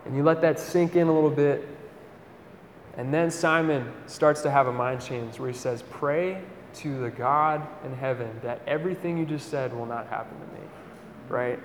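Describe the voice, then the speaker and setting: A young man giving a conversational campus sermon, telling a lively personal story and often asking "right?". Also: medium pitch, normal speed, roomy sound, long reverb tail, a little hiss or hum. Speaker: campus ministry speaker.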